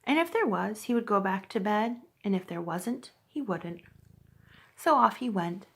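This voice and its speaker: A woman from a library reading a children's book aloud with lively, expressive storytelling. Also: mid-range voice.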